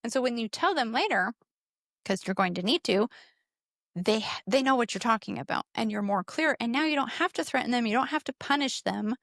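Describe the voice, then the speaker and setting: High-voiced woman explaining parenting. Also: animated, fairly quick, gravelly, fairly bright tone, dry recording, studio quality. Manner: earnest, explanatory. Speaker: podcast co-host. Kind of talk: casual parenting discussion.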